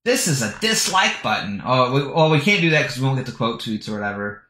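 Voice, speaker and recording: A man's voice: mid-range voice, very animated, brisk, sharp tone. A young man streaming, giving crude, scornful reaction commentary with plenty of swearing. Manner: scornful, swearing, breaks into laughter. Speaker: streamer reacting to posts and videos. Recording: roomy echo.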